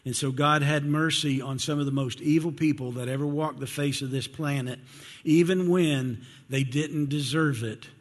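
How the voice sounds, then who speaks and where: Husky-voiced man preaching in a reverberant church. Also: a little high, steady tone, moderate pace. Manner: conversational, asks the congregation questions, repeats words when he stumbles. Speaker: pastor. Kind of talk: sermon. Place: church sanctuary. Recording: long hall reverb.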